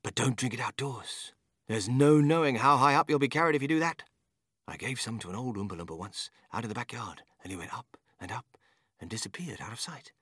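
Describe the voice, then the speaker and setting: An actor playing a manic, whimsical man who runs a candy factory, swinging from shouting to whispering. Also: medium pitch, brisk, husky, no echo, studio quality. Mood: hushed. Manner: bursts of shouting and sudden whispers.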